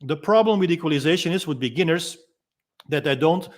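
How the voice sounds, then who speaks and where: Calm, gentle-voiced man teaching freediving. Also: a little high. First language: Dutch. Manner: calm, gentle explaining with frequent ums and pauses. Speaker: freediving instructor. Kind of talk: instructional demonstration.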